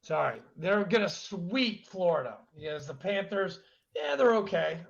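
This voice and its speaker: A man's voice: sits high, big pitch swings, unhurried, gravelly, dull audio. A man hosting a podcast in casual chat, joking loosely and swearing freely. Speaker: podcast host.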